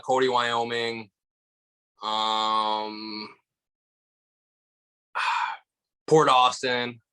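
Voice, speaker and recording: A man's voice: medium pitch, clear, resonant tone, rough recording. A young man from Michigan, a stand-up comedian and podcast guest, telling stories in casual chat full of "like" fillers. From Michigan, USA. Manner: animated storyteller, heavy use of "like" fillers.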